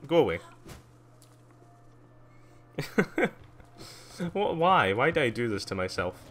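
A man giving live gameplay commentary, excitable, squealing at jumps, laughing often and chatting with viewers. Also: mid-range voice, slow pace, pauses often, a little hiss or hum. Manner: excitable, squeals gleefully at jumps and mocks himself; chats with viewers while playing, laughs often. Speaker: streamer playing a video game.

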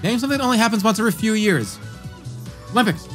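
A man in his thirties streams a quiz game at a desk mic, his slightly high voice swinging wildly as he jokes and reads out chat answers. Faint game music plays behind him. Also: lively intonation, rapid-fire, a bit bright. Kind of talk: casual livestream commentary.

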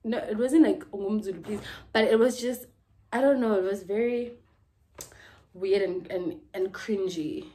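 A young South African woman vlogs casually on a handheld phone, chatting and laughing as she mixes Zulu words into her English. Her voice is mid-range and warm, and she keeps a measured pace.

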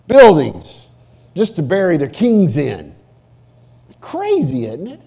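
A pastor preaching a sermon in church, animated, swinging from loud emphasis to hushed asides. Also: male voice, a little high. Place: church sanctuary.

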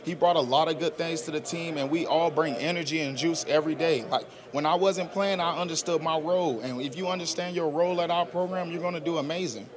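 A young man in his twenties talks earnestly and casually, slangy, as a football player at a press interview. His voice sits a touch high for a man, and a crowd murmurs steadily behind him. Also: a little fast, few pauses. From South Georgia, US. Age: 20s.

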